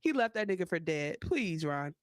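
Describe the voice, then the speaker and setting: A woman's voice: lowish voice, big pitch swings, moderate pace, no room sound. A woman co-hosting a podcast, blunt and joking as she reacts to the episode. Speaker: podcast co-host. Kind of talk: casual recap chat.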